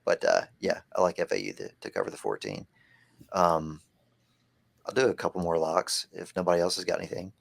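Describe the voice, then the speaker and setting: A man's voice: low-pitched, big pitch swings, fairly quick, vocal fry. A man on a podcast panel chatting loosely about sports betting picks, hedging a lot and full of fillers. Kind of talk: casual sports betting chat.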